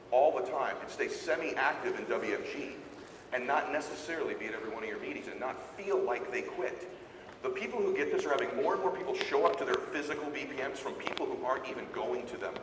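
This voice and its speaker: A man's voice: mid-range voice, background noise. Brash, profane man speaking onstage in an echoing hall. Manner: brash, profane, pushy and fast-talking, often asks the crowd if they follow. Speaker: motivational speaker. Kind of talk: live motivational talk to a sales team. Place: large hall, stage at a live event. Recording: very echoey hall, voice from far off.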